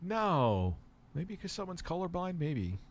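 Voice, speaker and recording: A man's voice: sits high, sing-song, slow. Rambling, profane male streamer. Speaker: livestream host. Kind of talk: casual chat.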